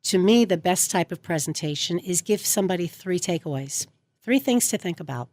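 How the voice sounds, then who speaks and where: A woman's voice: fairly low pitch, a little mellow. A middle-aged woman from New York, a communication coach answering interview questions in an instructive, organized way. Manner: instructive, organized, lists points.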